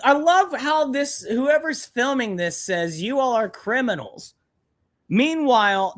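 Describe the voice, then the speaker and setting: A man's voice: extremely high pitch, fairly bright tone. A young man hosts a live stream, his voice swinging up and down as he rants. He talks bluntly and angrily, swearing freely as he reacts to a clip. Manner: angry, profane, blunt ranting. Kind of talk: ranting live stream commentary.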